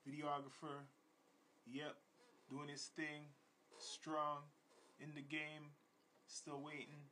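Chill guy hosting a podcast, slangy, lots of shout-outs, fairly high voice. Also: monotone, slow pace, a little hiss or hum. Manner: repeats shout-outs and slogans; laid-back slang. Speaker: podcast host. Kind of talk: casual podcast chat.

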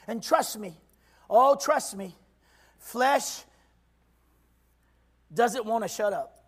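A man preaching a sermon in a shouting, call-and-response style, swinging from loud cries down to quiet low stretches. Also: animated, very slow.

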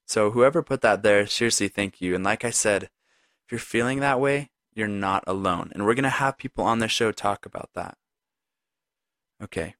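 Speaking at a normal pace in a fairly low, fairly bright voice, this podcast host talks alone in a reflective way. He's earnest and conversational, addressing the listener directly and leaning on "like" and "right?" a lot. There's no echo, and the sound is studio quality.

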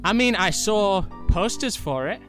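A man's voice: sits high, animated, unhurried, music in the background. A man with a Welsh accent co-hosting a comedy podcast, teasing in a dry, casual way. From Wales. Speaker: podcast co-host.

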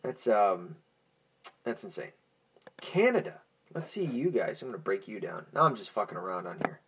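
A man's voice: lowish voice, very animated, brisk, fairly bright tone, slight background noise. A young man hosting a podcast in a casual, profane, rambling monologue, stoned and easily distracted. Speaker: podcast host.

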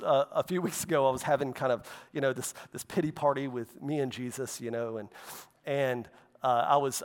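A man preaching a sermon in a loose, conversational way, with frequent asides and "right?" and "okay?" tag questions. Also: mid-range voice. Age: adult, walked with faith over half his life. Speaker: pastor. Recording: long hall reverb.

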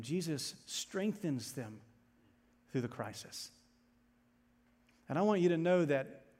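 A man's voice: fairly high pitch, darkish tone. A male pastor delivering a sermon in a church, preaching with passion and repeating phrases for emphasis. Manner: impassioned, repetitive preaching with rising intensity. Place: church sanctuary. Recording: long reverb in a large room.

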